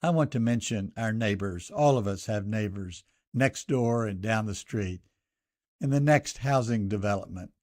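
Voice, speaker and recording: An older Southern US man hosts a radio show, offering reflective commentary and a prayer in a measured cadence that moves like a list. His voice sits lowish with a darkish tone.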